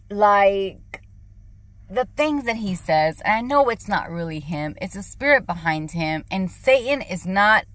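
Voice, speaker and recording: A woman vlogs about her faith from her parked car, retelling things in an animated, emphatic way. Her voice sits at an ordinary middle pitch. The sound is close and dry. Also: dry recording. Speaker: Christian ministry vlogger. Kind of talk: casual faith vlog.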